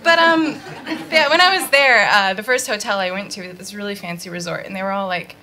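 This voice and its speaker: In a bar with a live audience, a Detroit woman works a handheld mic through a casual, rambling stand-up set, laughing at her own material. She speaks briskly in a mid-range voice with a bright, forceful tone, over club crowd noise and audience laughter.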